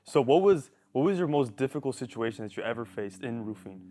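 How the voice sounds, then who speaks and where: A man's voice: medium pitch, expressive, brisk, dark tone. A man co-hosting a podcast, asking casual questions. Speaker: podcast co-host.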